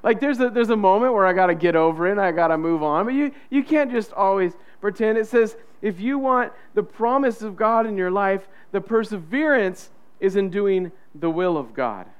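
A man preaching from the pulpit with a high, bright voice. His tone is smooth and clear. He talks to the congregation in a chatty way and slips into quoted voices to act out what people think. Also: lively intonation, moderate pace, few pauses, muffled recording. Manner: conversational, acts out quoted inner voices. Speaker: pastor. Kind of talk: sermon.

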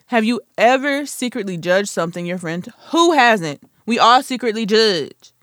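A woman's voice: mid-range voice, a bit bright, no echo. Playful young woman podcaster, dry mic. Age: 20s. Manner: playful, chatty, self-mocking asides. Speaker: podcast host. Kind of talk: casual solo podcast chat.

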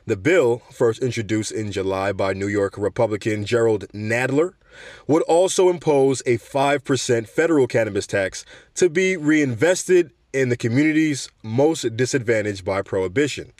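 A man's voice: medium pitch, animated, normal speed, a little mellow, no echo, clean studio sound. A man hosting a show, reading news aloud and breaking off for casual commentary. He trips over words and corrects himself. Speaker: show host.

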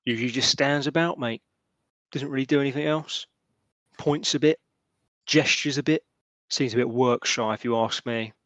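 A man's voice: mid-range voice, steady tone, moderate pace, long pauses, fairly bright tone, no echo, lightly acted. A man voicing Hamish, a shifty, pipe-smoking hooded fence at the docks, speaking in a sly, knowing way. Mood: dismissive.

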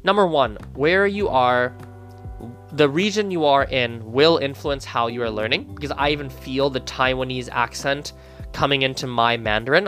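Man thinking aloud on camera. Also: mid-range voice. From Canada. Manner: thinking aloud, animated, frequent restarts. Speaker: language-learning YouTuber. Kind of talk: casual talk to camera.

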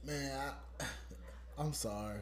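A man's voice: medium pitch, slow, echoey room. A man hosting a podcast in casual chat, ranting with lots of profanity and laughter. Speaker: podcast host.

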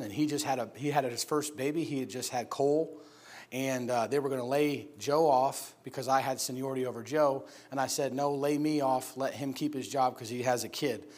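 A man preaching in a church, telling his personal story in an animated, laughing storytelling manner. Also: medium pitch. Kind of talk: sermon testimony.

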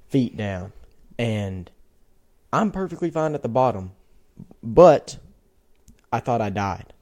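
A young man co-hosting a podcast, telling a childhood story in a casual, animated way with lots of restarts. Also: medium pitch. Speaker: podcast co-host.

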